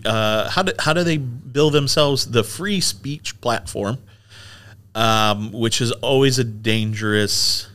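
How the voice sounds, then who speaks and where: A man's voice: lowish voice, fairly bright tone. A man co-hosting a casual tech podcast, chatty and rambling with lots of fillers. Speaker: podcast co-host. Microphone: studio microphone.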